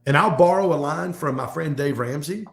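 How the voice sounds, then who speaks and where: A man speaking as a guest in a casual podcast conversation, talking in an animated, fast, motivational way. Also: fairly high pitch, gravelly. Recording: echoey room.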